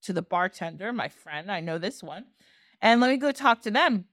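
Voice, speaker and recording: A woman's voice: mid-range voice, expressive, moderate pace, a bit bright, no room sound, clean studio sound, pitched below the performer's own voice, close to an everyday voice. A woman playing a confused man who has woken after twenty years, talking in a baffled, exclaiming way as she retells a folk tale. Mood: puzzled.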